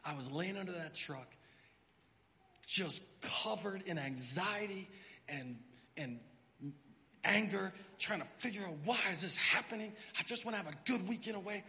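A middle-aged man preaching from the pulpit, telling a story with lively acted-out moments. His voice is fairly high and forceful. The sound rings with the long reverb of a church hall. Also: moderate pace. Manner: animated storyteller, acts out his own panicked thoughts. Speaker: pastor. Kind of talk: sermon storytelling. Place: church sanctuary.

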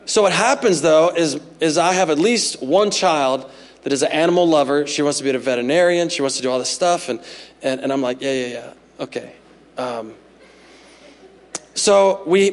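High-voiced pastor preaching in a hall. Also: male voice, moderate pace. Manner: humorous, animated storytelling with asides to the congregation. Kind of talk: sermon. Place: church sanctuary. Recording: reverberant hall.

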